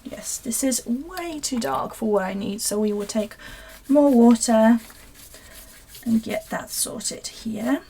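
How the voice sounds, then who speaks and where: A woman from Poland hosts a relaxed live crafting session from her desk at home. Her voice sits a little high and she talks to viewers in a rambling, self-mocking way as she works. A faint hum of background noise runs under her. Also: slow pace, gravelly. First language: Polish. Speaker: craft video host. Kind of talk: casual live craft chat.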